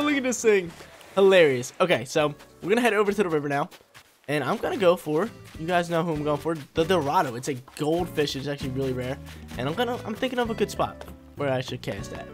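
A young man giving casual gameplay commentary as a channel host, slangy and excitable, breaking into loud yelps. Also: a little high. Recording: faint music under voice.

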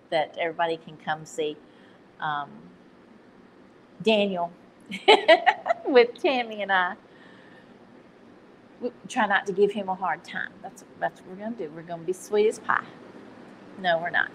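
A woman's voice: fairly low pitch, a bit bright, a little hiss or hum, poor audio. A woman with a Texan accent hosting a casual live stream, chatty and self-deprecating, laughing at her own slips. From Texas.

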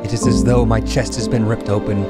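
A man's voice: on the low side, flat delivery, fairly quick, loud music behind the voice, natural voice. Man as a melodramatic Victorian widower, archaic and overwrought, a little off-mic. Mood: mock mourning. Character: grieving mock-Victorian letter writer, man, melodramatic.

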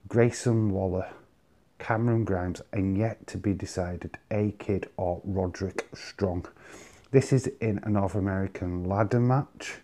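A man's voice: deep voice, darkish tone. A man hosting his own vlog, chatting casually and confidently giving his predictions. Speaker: wrestling vlog host. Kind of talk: casual solo commentary.

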